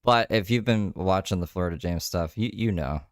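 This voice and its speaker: A man with a very low voice chats through a stream recap in a loose, rambling way, dropping the odd swear word. His voice is close and dry, with no room sound at all. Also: normal speed, dry recording. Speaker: streamer host. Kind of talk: casual livestream commentary.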